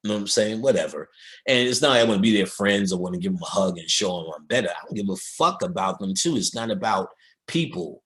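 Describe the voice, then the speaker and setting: A man's voice: fairly low pitch, expressive, quick pace, a bit bright. A male occult lecturer talking in a casual, streetwise and profane way, telling stories and mimicking other people's voices.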